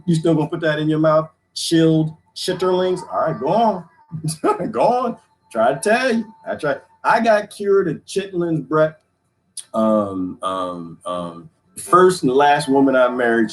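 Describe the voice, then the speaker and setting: A man hosting a live stream, telling crude, funny stories in casual chat with his viewers and laughing often. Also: mid-range voice. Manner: animated storytelling, crude joking, laughs often.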